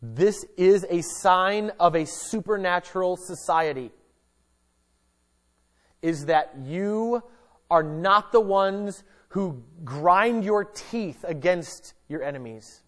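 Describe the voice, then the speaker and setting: A middle-aged man preaching in an easygoing, conversational way, dropping in asides and jokes. He swings between lively, emphatic stretches and quiet, earnest ones, talking straight to the congregation. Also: high-pitched, slow pace. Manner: casual and joking, shifting between lively emphasis and hushed earnestness. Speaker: pastor. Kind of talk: conversational sermon.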